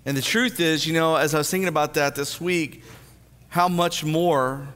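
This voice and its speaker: A man preaching a sermon as pastor, earnest, stammering into restarts and swinging between hushed and lively. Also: on the high side, normal speed, in a large hall. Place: church sanctuary.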